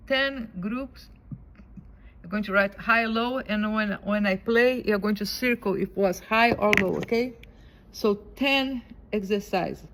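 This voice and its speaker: A woman teaching a piano ear training lesson, speaking slowly and patiently and repeating each comparison of high and low notes. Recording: loud piano playing behind the voice.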